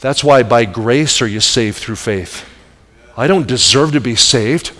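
A middle-aged man preaching a sermon as pastor, animated, with emphatic rising peaks and soft asides. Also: medium pitch, measured pace. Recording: long hall reverb.

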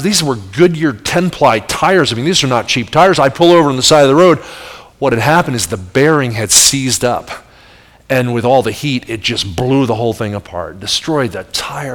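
Middle-aged preacher in a reverberant hall. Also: male voice, medium pitch, moderate pace. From New Jersey. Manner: animated storyteller, voice jumps up for the punch lines. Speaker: traveling evangelist. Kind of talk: sermon with personal story.

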